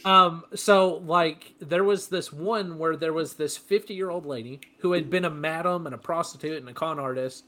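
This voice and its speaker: A man's voice: on the high side, normal speed, hardly any pauses. A man co-hosting a podcast who tells long rambling stories in casual chat. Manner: animated, rambling storyteller. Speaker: podcast co-host.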